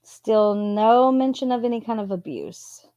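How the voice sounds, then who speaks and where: A woman's voice: fairly high pitch, expressive, unhurried, mellow, no echo. A woman reading a stream of text messages aloud in a casual way, stopping to react with disbelief and awkward laughs. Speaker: true crime YouTuber.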